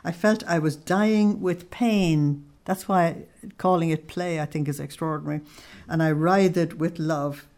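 A middle-aged speaker on Christian mysticism, a woman, gives a group an informal religious talk, laughing often and reading quotes with feeling. Her low, slightly mellow voice is steady and unhurried, with hardly any pauses.

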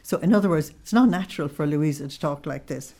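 A woman teaching a spiritual study lesson, unhurried and a little hesitant, often checking in with her listeners. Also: deep voice, dark tone. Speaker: religious teacher.

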